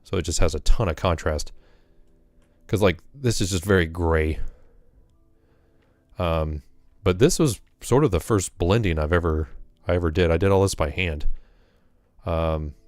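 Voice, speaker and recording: A man's voice: deep voice, unhurried, long pauses, darkish tone, no room sound, clean studio sound. A man chatting casually during a live stream, rambling and correcting himself, a little out of breath after exercise.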